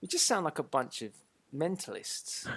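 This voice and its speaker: A teasing man jokes through a casual podcast chat. His pitch moves around animatedly, and he often pokes fun at the others. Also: big pitch swings, normal speed, fairly bright tone, slightly rough. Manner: teasing, joking banter.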